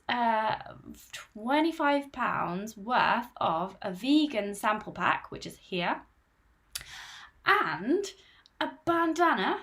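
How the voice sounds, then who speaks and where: A woman's voice: fairly high pitch, sing-song, slow pace, fairly bright tone. Chatty woman hosting a live stream. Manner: chatty and upbeat, reading out viewer comments. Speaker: host of a running channel live stream. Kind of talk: casual live-stream chat.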